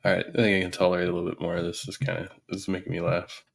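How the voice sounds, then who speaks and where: A man's voice: low voice, completely flat delivery, racing, creaky, breathy edge. A man hosting a live-stream podcast, making dry, amused, mocking remarks. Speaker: podcast host. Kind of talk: casual live-stream commentary.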